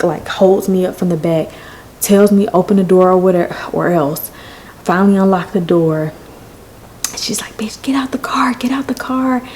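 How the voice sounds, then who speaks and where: Candid woman host, lowish voice. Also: warm tone, a little hiss or hum, poor audio. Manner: candid, profane, emotional retelling. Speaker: podcast host. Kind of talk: personal storytelling.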